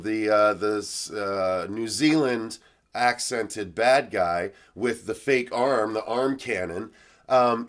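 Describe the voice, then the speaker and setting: A man co-hosting a movie review show in loose, casual chat, rambling with lots of fillers and swearing. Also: lowish voice.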